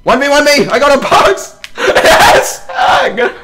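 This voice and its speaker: A man playing a party game with friends, excitable and often laughing and shouting as he plays. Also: very high-pitched, takes it slowly, a little hiss or hum. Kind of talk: multiplayer gaming chat.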